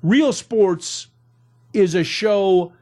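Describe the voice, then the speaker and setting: High-voiced jokey male radio host. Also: extremely slow, dark tone. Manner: jokey, rambling storyteller. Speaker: radio talk show host. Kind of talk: casual radio banter and news recap. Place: radio studio.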